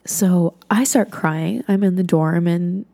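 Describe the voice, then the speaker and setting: Woman host, mellow voice, earnest heartfelt storytelling with whispered emphasis. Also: lowish voice, slow. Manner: conversational, many "like" fillers. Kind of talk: personal storytelling monologue.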